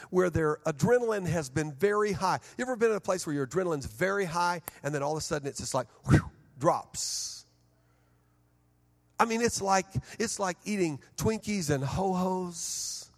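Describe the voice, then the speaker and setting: A middle-aged man preaching a sermon, telling stories with lively sound effects and restarts. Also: sits high. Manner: animated storyteller who acts out scenes with vocal sound effects; repeats and restarts words in bursts. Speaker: pastor. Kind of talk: sermon with storytelling.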